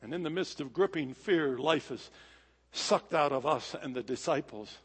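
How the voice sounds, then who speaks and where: A man preaching a sermon in a dramatic, rhythmic delivery that swings from loud to hushed. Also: a little high, normal speed, slightly rough. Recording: echoey hall.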